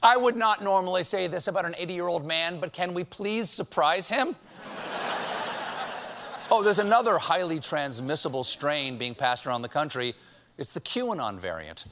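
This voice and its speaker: A man's voice: on the high side, lively intonation, normal speed, fairly bright tone, a little hiss or hum. A man hosting a late-night show, delivering a comedic monologue with punchy jokes and sarcastic asides. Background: studio audience laughing.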